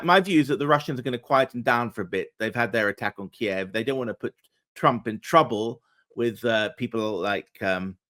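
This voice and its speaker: A man giving casual political commentary, animated and sarcastic, his voice jumping up when indignant. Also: fairly low pitch.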